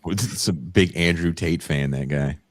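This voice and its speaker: A man's voice: sits low, measured pace. A young man co-hosting a podcast, telling stories in casual chat, swearing freely and acting out the people in them. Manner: profane, storytelling, mimics people in dialogue. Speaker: podcast co-host.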